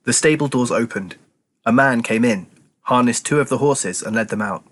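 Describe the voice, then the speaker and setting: A man's voice: mid-range voice, moderate pace, a bit bright. A man narrating a children's chapter book aloud as a teacher, telling the story expressively.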